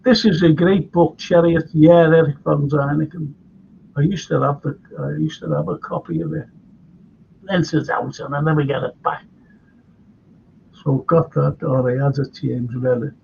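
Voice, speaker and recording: A man's voice: fairly high pitch, normal speed, creaky, a little mellow. An older man with a Liverpool accent, hosting a casual chat show, rambling and tired from lack of sleep. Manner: rambling, chatty, with frequent restarts. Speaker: host. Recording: dull lo-fi sound with faint noise.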